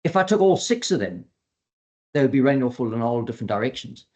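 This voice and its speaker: A man's voice: mid-range voice, fast talker, muffled recording. Earnest man teaching about dogs. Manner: earnest, repeats key points for emphasis; acts out quoted dialogue in a lively voice. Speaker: dog behavior trainer. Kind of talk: educational webinar talk.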